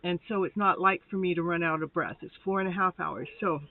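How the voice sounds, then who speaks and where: A woman's voice: on the low side, fairly even intonation, fairly quick. A woman hosting a live tarot show, chatty and rambling, laughing often and a little short of breath. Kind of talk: casual live tarot reading. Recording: tinny phone-like line, dry.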